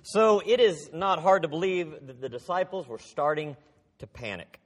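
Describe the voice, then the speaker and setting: A man preaching a sermon, his fairly high voice swinging widely as he acts out scripture scenes. He drops to hushed, intense lines for weighty moments. Long reverb hangs behind him. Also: normal speed. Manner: animated, dramatizing scripture with dropped intense lines. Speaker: pastor.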